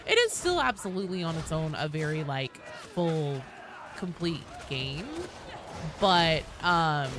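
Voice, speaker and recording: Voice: medium pitch, noisy background. A game streamer in casual live-stream chat while gaming, rambling with lots of fillers and restarts in a Valley Girl-like way of talking.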